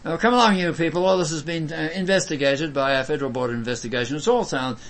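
A man voicing a glib, brisk figure who brushes off questions and hurries people along. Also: fairly high pitch, a bit bright. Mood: dismissive.

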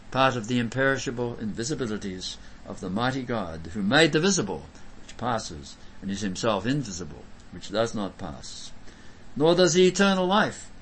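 A male preacher giving an emphatic sermon, swinging from loud bursts to soft, low lines. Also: husky, poor audio.

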